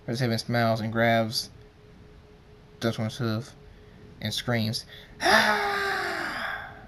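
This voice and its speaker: Guy reading his own story, slow, stumbles a lot, faint hiss behind. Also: mid-range voice, monotone. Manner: halting, stumbles and restarts words. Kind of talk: amateur story narration.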